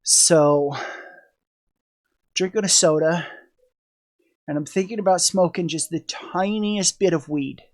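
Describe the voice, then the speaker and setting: A man's voice: on the high side, slow, pauses often. A sick, weak man talking in a casual vlog from indoors, out of breath, sighing and swearing as he rambles. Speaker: streamer vlogging about being sick. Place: indoors at someone else's house.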